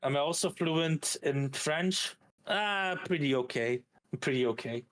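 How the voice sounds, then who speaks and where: Flemish belgian guy streaming, kinda high voice, rambly, lots of uhs. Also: lively intonation, measured pace, fairly bright tone. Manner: chatty, rambling with many hesitations. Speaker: streamer host. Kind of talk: casual stream chat.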